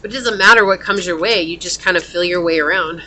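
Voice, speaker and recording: A woman's voice: on the low side, fast talker, pushed and bright, a little hiss or hum. A woman giving a casual pick-a-card tarot reading, rambling and filling her talk with "like". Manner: rambling, frequent "like" fillers. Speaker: tarot reader.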